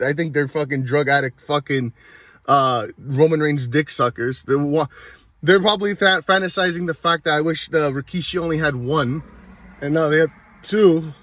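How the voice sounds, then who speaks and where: Brief: male vlogger, heated profane rant, slightly high voice, dry close sound. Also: a bit bright, no room sound. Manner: heated, swears constantly, rambling. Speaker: vlogger, show host.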